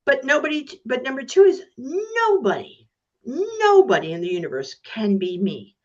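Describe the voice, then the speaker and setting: A woman's voice: sits high, normal speed, dull audio. A woman who is a guest speaker on a podcast interview, telling stories with energy and acting out the voices of the people in them. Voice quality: animated storyteller, acts out voices in anecdotes.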